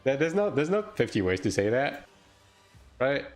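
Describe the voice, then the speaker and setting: A man's voice: medium pitch, very animated, normal speed, faint music behind. A man streaming a game live, talking casually and swearing as he chats with viewers. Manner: casual, profane, talks to chat while playing. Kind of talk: live-stream gaming commentary.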